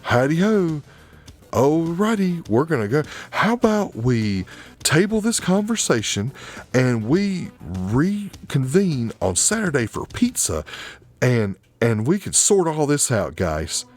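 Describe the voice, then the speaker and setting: A man's voice: fairly high pitch, very animated, takes it slowly, faint music behind, pitched above the performer's own voice, exaggerated voice. A man putting on the voice of an awkward, overly wholesome family dad who talks in a corny, fake-friendly sing-song. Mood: chipper.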